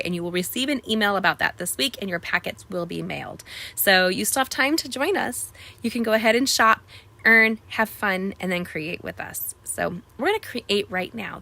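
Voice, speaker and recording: A woman's voice: medium pitch, pushed and bright. A woman, chatting bubbly and straight to viewers as host of a live crafting stream.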